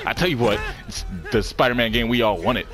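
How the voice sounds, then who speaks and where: A man's voice: mid-range voice, brisk, over music. A man hosting a video game playthrough in casual commentary, swearing, joking and laughing often. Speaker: gaming channel host. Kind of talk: casual let's-play commentary.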